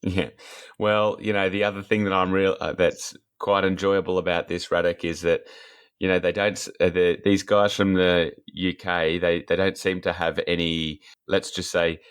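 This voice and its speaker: A man's voice: low-pitched, flat delivery, moderate pace, clear, resonant tone. A man hosting a podcast interview, rambling and jokey. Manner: rambling, jokey, many fillers. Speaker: podcast host. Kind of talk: casual interview chat.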